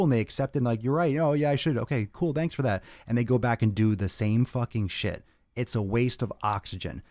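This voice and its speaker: A man's voice: fairly low pitch, darkish tone, no room sound, clean studio sound. A man hosting a fitness podcast, ranting casually and with exasperation, swearing often and acting out the exchanges he quotes.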